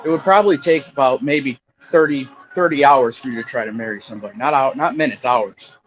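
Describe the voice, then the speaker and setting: A man's voice: medium pitch, a little fast, muffled recording. A man co-hosting a casual chat over an earbud, joking and teasing. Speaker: podcast co-host.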